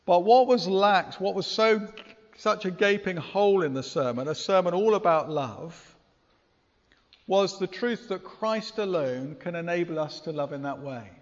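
Earnest preacher in a reverberant church. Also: male voice, high-pitched, a little slow. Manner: earnest, conversational, with rhetorical questions. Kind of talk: sermon. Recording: long reverb, dull lo-fi sound.

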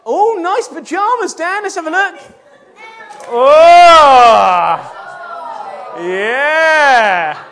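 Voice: high-pitched, fairly bright tone. A children's church leader talking playfully and coaxingly with a group of children in a church.

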